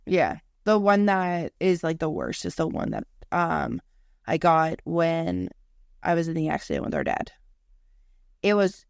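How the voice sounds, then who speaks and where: A young woman co-hosts a casual podcast in a lowish, creaky voice, recorded with studio quality and no room sound. She tells stories chattily, swearing, laughing and acting out what people said.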